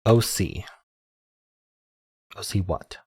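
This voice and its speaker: A man thinking aloud as he solves daily word puzzles, hesitant and muttering, with frequent ums and quiet self-amused asides. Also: drawn-out words. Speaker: word game streamer.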